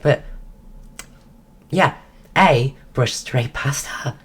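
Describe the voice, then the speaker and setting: A woman hosting a livestream, telling a story casually and breaking off to greet viewers, acting out quotes in a higher voice. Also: very slow, breathy edge. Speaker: livestream host.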